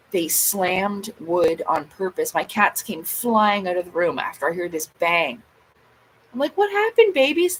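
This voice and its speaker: A woman with a medium-pitched voice vents in a casual vlog, swearing and agitated while she acts out her own side of arguments. The recording is low quality, with faint noise in the background.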